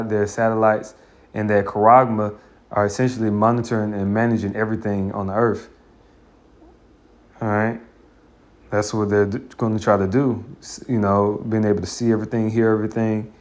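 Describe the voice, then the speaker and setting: A man's voice: fairly low pitch, level tone, moderate pace. A man teaching scripture in an informal, blunt and colloquial way, with scornful asides. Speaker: Bible teacher.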